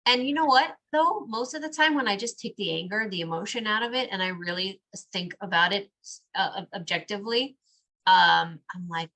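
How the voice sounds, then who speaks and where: Woman hosting a podcast, chatty and earnest, bright edgy voice. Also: medium pitch, brisk. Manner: earnest, animated when quoting children. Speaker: podcast host. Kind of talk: casual conversation.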